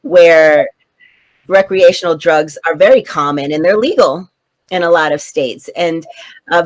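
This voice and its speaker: A woman speaking as a panelist in a political discussion, earnest and repeating words as she starts her points. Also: on the low side.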